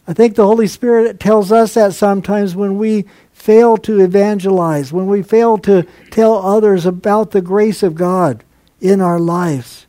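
A male preacher delivering an expository sermon, with a high-pitched voice and a warm, mellow tone. He walks through the passage and brings quotations to life as he goes. The sound is close and dry, with no room echo. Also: steady tone, unhurried. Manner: expository preaching with dramatized quotes.

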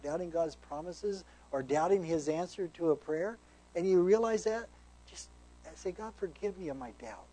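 A man's voice: a little high, warm tone, slightly rough, poor audio. A man, a pastor, teaching a sermon verse by verse, conversational and earnest, reading scripture aloud with emphasis.

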